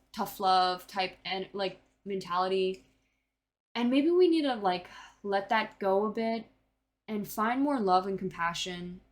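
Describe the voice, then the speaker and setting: A woman's voice: medium pitch, fairly bright tone. A woman in her early twenties giving a casual tarot reading, rambling with lots of fillers and the odd swear. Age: early 20s. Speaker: tarot reader.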